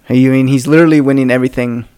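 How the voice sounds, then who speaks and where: A man's voice: mid-range voice, fairly even intonation, very fast, darkish tone, clear, resonant tone, no room sound. Easygoing male co-host, dry close sound, casual fight-night banter. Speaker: podcast co-host. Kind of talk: casual chat watching a fight.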